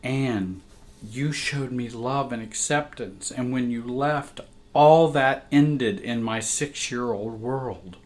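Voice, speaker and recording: A man reading a personal account aloud in a measured, emotional way. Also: medium pitch, darkish tone. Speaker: therapist and show host.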